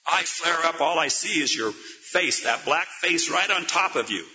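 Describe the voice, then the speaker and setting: A man's voice: a little high, animated, measured pace, lo-fi sound, pitched above the performer's own voice, exaggerated voice. A man voicing an older male baseball executive who taunts and provokes in a raised, heated voice. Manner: loud, confrontational, taunting.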